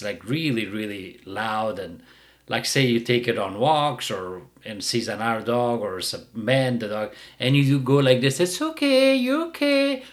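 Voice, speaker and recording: A middle-aged man hosts a dog-training show in a blunt, mocking rant. His pitch swings up and down with lively emphasis. He talks loosely and casually, and he puts plenty of punch into his put-downs. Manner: blunt, mocking, bursts of laughter.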